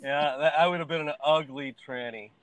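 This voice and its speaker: A man's voice: a little high, brisk, no echo, poor audio. A middle-aged man, a podcast guest, telling rambling stories in casual chat. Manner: rambling anecdotes with fillers and restarts. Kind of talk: casual storytelling.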